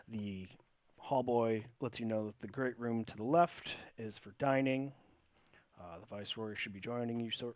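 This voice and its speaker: A man narrating a tabletop game as game master, relaxed and rambling with lots of fillers. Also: lowish voice, no room sound.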